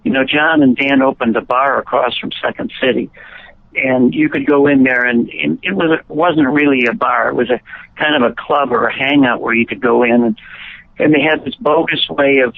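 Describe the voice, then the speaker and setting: Gravelly man telling stories over a phone line. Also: medium pitch, lively intonation, normal speed, no room sound. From Chicago. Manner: rambling anecdotes with frequent restarts. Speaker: interview guest, actor and musician. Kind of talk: casual storytelling interview.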